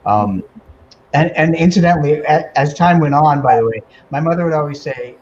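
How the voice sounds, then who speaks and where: A man guest on a talk radio show, telling an emotional personal story in a casual, animated way with many fillers. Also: fairly high pitch, normal speed, lo-fi sound, a little hiss or hum. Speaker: guest medium and author.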